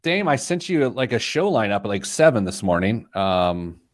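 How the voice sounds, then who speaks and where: A man's voice: fairly low pitch, very animated, normal speed. A middle-aged man hosting a money radio show, joking loosely with his co-host. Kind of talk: casual banter, then show intro.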